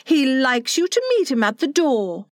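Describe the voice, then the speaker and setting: A man's voice: very high voice, lively intonation, moderate pace, dry recording, clean studio sound, voice pushed up. A man voicing a prim, motherly young girl who fusses over the other children, in a storybook reading. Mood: gently firm. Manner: prim, scolding, fussy. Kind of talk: storybook read-aloud.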